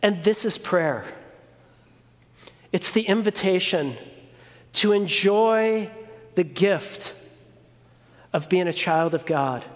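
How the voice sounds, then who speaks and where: Brief: male preacher with a high voice, delivering an unhurried, emphatic sermon, long hall reverb. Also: animated. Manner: deliberate, emphatic, with repeated phrases.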